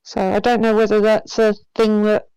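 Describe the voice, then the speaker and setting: Gravelly-voiced woman player. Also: mid-range voice, monotone, moderate pace, warm tone, no echo. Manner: chatty, laughs easily. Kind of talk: casual chat.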